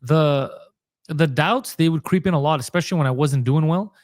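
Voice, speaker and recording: A man's voice: a little high, moderate pace, dry recording, studio quality. A man, a comedian and podcaster telling stories in a casual interview and acting out the voices of people he quotes. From Montreal, Quebec. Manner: animated storyteller, acts out quoted voices.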